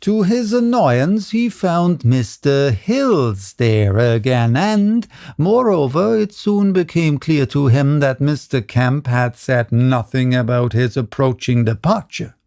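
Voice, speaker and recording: A man reading a short story aloud in a measured, unhurried storytelling manner. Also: mid-range voice, expressive, creaky, a little mellow, no echo, studio quality. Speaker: audiobook reader.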